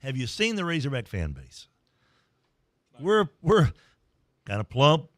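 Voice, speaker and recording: A man's voice: medium pitch, wildly swooping pitch, a little slow, fairly bright tone, dry recording. A man hosting a morning sports radio show, teasing his co-hosts with good humor.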